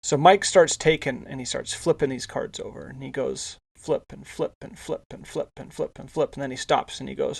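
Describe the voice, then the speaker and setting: A man's voice: mid-range voice, fairly even intonation, normal speed, creaky, hardly any pauses, husky. A male podcast host telling a casual anecdote, rambling with frequent restarts and repeated words. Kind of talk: casual storytelling.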